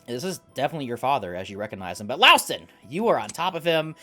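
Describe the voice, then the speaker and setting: A man's voice: medium pitch, sing-song, fast talker, sharp tone, soft background music. A man narrating as the game master of a tabletop game in a loose, rambling way, with lots of fillers.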